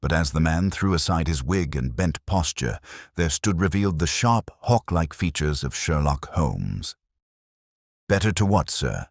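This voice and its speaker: A man narrating a detective story in a measured, dramatic storytelling manner. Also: extremely low pitch, very animated, no room sound, studio quality. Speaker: audiobook narrator. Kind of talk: scripted narration.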